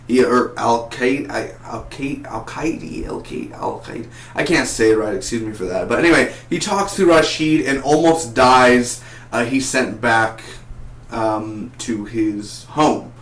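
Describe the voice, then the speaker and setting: A man of ordinary pitch talks through a TV episode in a loose, excitable way, stumbling over his words and circling back as he goes. The room around him is bare and echoey, so his voice rings off the walls. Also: unhurried. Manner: excitable and rambling, repeats and restarts words. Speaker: TV episode reviewer. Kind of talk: casual spoken review.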